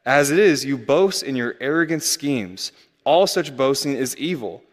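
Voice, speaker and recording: A man's voice: medium pitch, expressive, unhurried, big-room sound. A young adult man preaching a sermon in a casual, conversational way, often asking the listeners rhetorical questions. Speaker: pastor.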